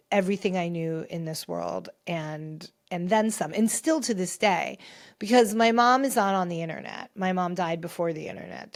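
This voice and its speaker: A woman hosting a pop culture podcast, telling a personal story in a chatty, animated way with many restarts. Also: medium pitch. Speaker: podcast host. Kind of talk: casual chat.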